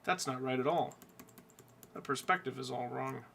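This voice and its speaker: Bright-voiced man mumbling while he draws. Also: mid-range voice, normal speed, gravelly, slight background noise. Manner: mumbles quietly to himself while working, jokey asides. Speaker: streamer drawing a coloring page. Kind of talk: casual live-stream chat while drawing.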